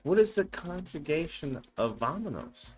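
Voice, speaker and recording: A man's voice: on the high side, big pitch swings, normal speed, slightly rough, soft background music. A young man on a casual live stream, thinking aloud with frequent cursing and reading answers off a screen.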